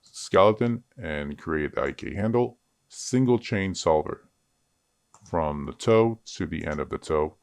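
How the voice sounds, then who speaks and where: A man's voice: rumbling low, expressive, slow pace, gravelly, dry recording. A man teaching 3D character rigging in a screen-recorded tutorial, chatty and joking at himself as he works. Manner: chatty, self-joking asides. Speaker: 3D rigging instructor.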